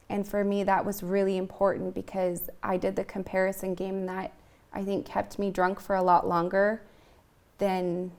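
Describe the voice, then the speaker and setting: A woman's voice: medium pitch, vocal fry, a little mellow. A middle-aged woman, a guest on an interview podcast, talking candidly and earnestly about her recovery, with frequent ums. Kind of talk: casual interview talk.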